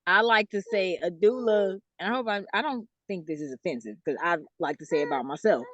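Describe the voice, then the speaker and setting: A woman's voice: on the low side, a little fast, a bit bright, dry recording, lo-fi sound. Chatty Southern woman, dry close sound. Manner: chatty, laughs often, explains with many fillers. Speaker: guest author. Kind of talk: casual interview answers.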